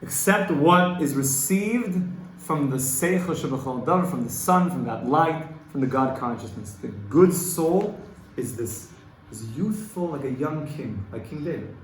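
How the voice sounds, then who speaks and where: A man teaching a Torah class to a small group, earnest and rhythmic, swelling louder and higher to stress his points. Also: lively intonation, measured pace, faint music behind. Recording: echoey room, faint room ambience.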